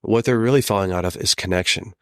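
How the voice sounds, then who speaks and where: A man in his thirties talking earnestly and in a measured way as a podcast guest, sometimes acting out the voices of people he quotes. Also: on the low side, no echo, clean studio sound. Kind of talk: reflective conversational interview.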